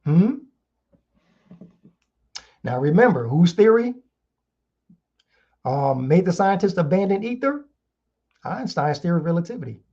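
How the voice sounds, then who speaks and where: A man's voice: high voice, big pitch swings, unhurried, long pauses, warm tone. A man giving a heated casual lecture, reading out articles and asking rhetorical questions again and again. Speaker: online show host. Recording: dull lo-fi sound.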